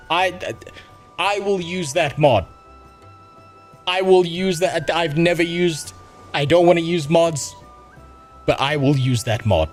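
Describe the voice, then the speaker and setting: A man's voice: on the high side, animated, slow, pauses often, faint music behind. Profane, exasperated male game streamer. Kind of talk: live gameplay commentary.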